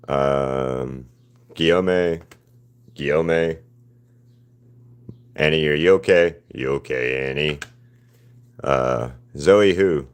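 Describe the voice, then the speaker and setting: A man live-streaming his painting, chatting casually with viewers and greeting them by name in a relaxed, rambling way. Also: sits low, smooth.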